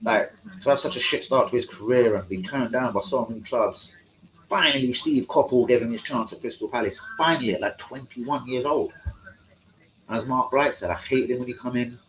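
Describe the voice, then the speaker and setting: A man hosting a live stream, rambling through football fan chat with heavy swearing and excitable outbursts. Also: medium pitch, a little fast, slight background noise, low-quality recording.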